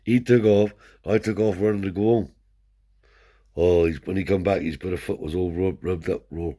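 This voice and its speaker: A man's voice: low-pitched, steady tone, normal speed, dark tone. An older man, a Romany traveller telling rambling stories in broad dialect, peppered with swearing and "see?". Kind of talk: rambling oral storytelling.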